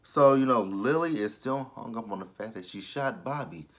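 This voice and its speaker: A man's voice: fairly low pitch, animated, moderate pace, fairly bright tone. A man giving a casual recap of a TV episode, talking bluntly with profanity and sarcastic asides. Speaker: TV show reviewer.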